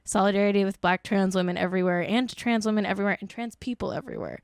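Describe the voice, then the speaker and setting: A young woman hosts a casual commentary show and rants in a blunt, exasperated way, swearing freely. Her voice sits at an ordinary middle pitch for a woman. The recording is dry and close, with almost no room sound. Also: lively intonation, quick pace, vocal fry, smooth, no echo. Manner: blunt, profane, exasperated ranting. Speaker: podcast host.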